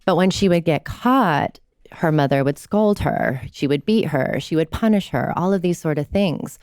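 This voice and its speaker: A woman with a low, smooth and resonant voice speaks frankly and earnestly, often using "like" as filler. She is a kink educator and coach, telling client stories in an interview. The sound is dry and close. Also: animated, moderate pace, a little mellow, no room sound. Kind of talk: candid storytelling in a podcast interview.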